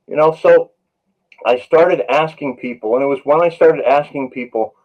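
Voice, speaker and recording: A man's voice: on the high side, moderate pace, dull audio. A man, a paramedic, telling stories from the job in an interview, earnest and full of "you know" fillers. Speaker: paramedic and author, interview guest. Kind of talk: storytelling in a podcast interview.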